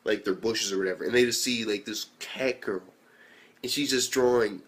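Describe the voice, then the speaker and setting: A young man giving a casual anime review, animated and swearing freely as he retells scenes. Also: lowish voice, moderate pace. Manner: animated, swears a lot, acts out quotes.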